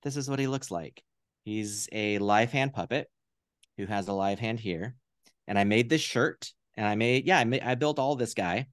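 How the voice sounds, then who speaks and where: Male guest, low voice, dry sound, relaxed and rambling on a video call. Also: moderate pace, dry recording. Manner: relaxed, rambling, many fillers. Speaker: puppeteer guest. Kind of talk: casual interview chat. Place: home room via video call.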